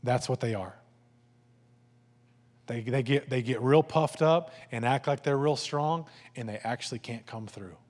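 A man preaching a sermon in a conversational, animated way, acting out voices and asides. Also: mid-range voice, unhurried. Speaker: pastor. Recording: long hall reverb.

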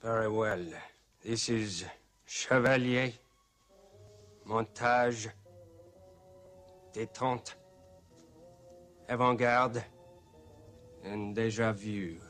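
An actor playing a formal male resistance fighter, reading out names slowly in a film scene. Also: lowish voice, fairly even intonation, fairly bright tone. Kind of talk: film dialogue clip. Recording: film clip with faint music.

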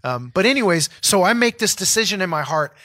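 A man's voice: high-pitched, fairly quick, dry recording, clean studio sound. A man in his thirties, a pastor co-hosting a podcast, telling a personal story in casual chat and acting out what people said. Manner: animated storyteller acting out quotes.

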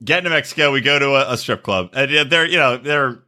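A man's voice: mid-range voice, fast talker, bright, forceful tone. A man co-hosting a podcast in casual chat, telling crude stories and acting out the people he quotes. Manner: storytelling, crude jokes, acts out quoted voices. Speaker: podcast co-host.

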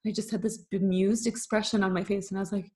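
A woman from Canada in her thirties talks as a podcast guest. She tells her story loosely and with energy, filling it with "like" and putting on the voices of the people in it. Her voice sits in an ordinary middle pitch. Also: quick pace. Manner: animated, acts out quoted voices, frequent fillers. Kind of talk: casual storytelling chat.

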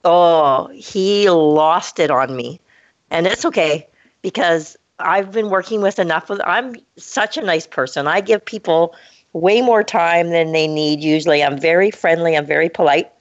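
A woman co-hosts a casual podcast chat, animatedly telling a story and acting out the quoted dialogue. She speaks at a measured pace, and the recording is dull, dry, and low-fi with no echo.

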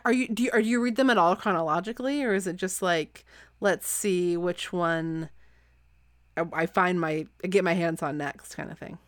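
A woman hosting a podcast in casual chat, talking fast and loose with plenty of fillers and laughs. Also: lowish voice, no echo. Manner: chatty, giggly, lots of fillers. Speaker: podcast host.

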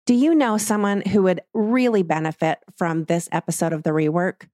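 A woman's voice: fairly low pitch, fairly even intonation, normal speed, mellow, dry recording, studio quality. A middle-aged woman hosting a podcast, chatty and snarky, often acting out both sides of a conversation. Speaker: podcast host. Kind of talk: casual podcast interview.

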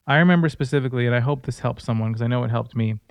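A man in his thirties with a mid-range voice talks at a racing pace, with no room sound. He co-hosts a casual faith-based podcast and tells personal stories in an earnest, conversational way.

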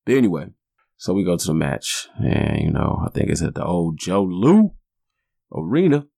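A man's voice: deep voice, sing-song, moderate pace, gravelly, warm tone, no room sound, studio quality. A man in his forties hosting a podcast, telling rambling, profane stories in a laid-back way. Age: 40s. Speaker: podcast host. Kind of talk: casual storytelling monologue.

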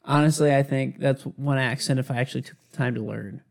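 Man, casual chat, teasing, mock-stern, mid pitch. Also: fairly even intonation, brisk, creaky, a little mellow.

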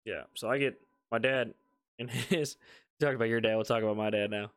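A man co-hosting a podcast, telling family stories in a relaxed chat and laughing along the way. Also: medium pitch, fairly quick, clear, resonant tone. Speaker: podcast co-host. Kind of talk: casual storytelling chat.

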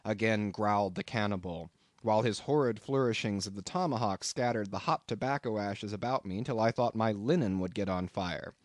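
A man reading a classic novel aloud as an audiobook narrator, in an expressive, dramatic way. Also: on the low side, moderate pace, dry recording, studio quality.

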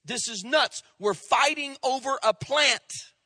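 A man preaching a sermon as pastor, swinging between loud rising outbursts and hushed drops. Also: very high-pitched, takes it slowly, dry recording.

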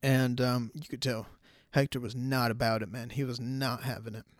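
A man's voice: medium pitch, level tone, normal speed, no room sound, clean studio sound. Loose, profane man hosting a podcast. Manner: loose, profane, chatty with many fillers. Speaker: podcast host. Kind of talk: casual solo podcast rant.

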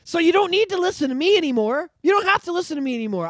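High-pitched, swearing Canadian man ranting. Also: rapid-fire, no room sound, clean studio sound. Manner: animated, profane ranting with repetitions. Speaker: podcast host. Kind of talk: casual political chat.

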